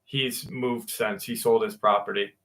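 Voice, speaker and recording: A man's voice: lowish voice, fairly even intonation, unhurried, a bit bright. A man hosting a live stream, chatting loosely with viewers, swearing and laughing easily. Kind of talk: casual sign-off chat with viewers.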